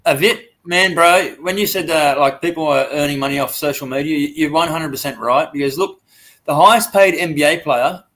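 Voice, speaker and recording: A man's voice: on the high side, a little fast. A man in his forties with an Australian accent, telling stories bluntly and with lots of swearing in casual podcast chat. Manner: blunt, swearing, animated storytelling. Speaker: podcast co-host.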